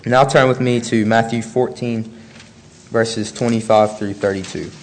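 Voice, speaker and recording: A man's voice: mid-range voice, steady tone, a little slow, slight background noise. Earnest man preaching and reading scripture.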